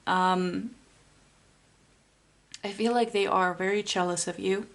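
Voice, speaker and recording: A woman giving a pick-a-card tarot reading, talking softly and encouragingly with frequent pauses and fillers. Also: medium pitch, fairly even intonation. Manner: soft, unhurried and encouraging, with many fillers.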